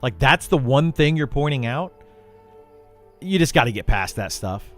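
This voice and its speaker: With faint music behind him, a gaming video maker with a medium-pitched voice talks at a moderate pace. His casual livestream chatter is an exasperated, animated rant punctuated by frequent laughter.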